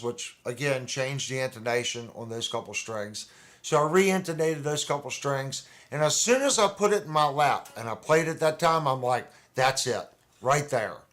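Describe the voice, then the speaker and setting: A man's voice: fairly high pitch, a bit bright. A man hosting a casual livestream, chatting in a rambling, conversational way with restarts. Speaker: livestream host. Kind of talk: casual chat about guitars.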